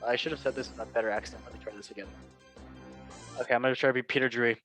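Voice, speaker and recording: A man's voice: medium pitch, fairly even intonation, racing, soft background music. A man hosting a casual football news show, chatty and joking. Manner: joking, chatty, laughs at own lines. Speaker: podcast host.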